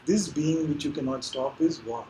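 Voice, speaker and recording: A man teaching at a live spiritual gathering, answering questions gently and patiently, often checking in with little tag questions. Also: fairly high pitch, moderate pace, a little hiss or hum, low-quality recording.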